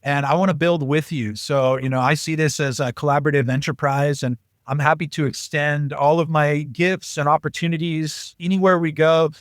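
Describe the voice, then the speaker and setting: A fairly high-pitched man chatting as a podcast guest, telling loose, lively anecdotes and slipping into quoted voices. The sound is dry and close, with no room around it. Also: moderate pace, hardly any pauses, dry recording. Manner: animated, jumps into quoted voices. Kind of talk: casual anecdotal storytelling.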